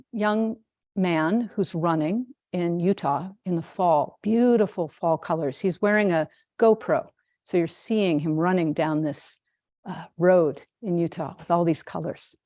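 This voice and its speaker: A woman, a Zen teacher, giving a dharma talk in an unhurried, gently amused storytelling manner. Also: lowish voice, no echo, studio quality.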